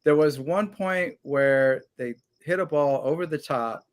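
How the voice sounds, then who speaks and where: A man's voice: on the high side, measured pace. A man co-hosting a casual sports talk show, animatedly breaking down tactics and swearing now and then.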